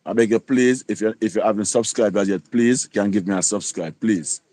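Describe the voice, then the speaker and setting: A man's voice: on the low side, fairly quick, mellow. A man in his sixties with a Jamaican accent, chatting casually on a livestream and often asking "you see?" and "you copy?". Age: 60s. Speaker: livestream host.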